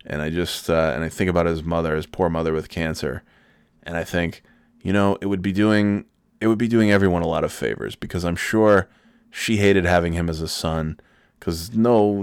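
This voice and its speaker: A man's voice: low voice, dry recording, studio quality. A young man hosting a podcast, telling comedic stories in a profane, sardonic, mock-earnest way. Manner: mock-earnest, laughs at own jokes. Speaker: podcast host. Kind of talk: comedic storytelling.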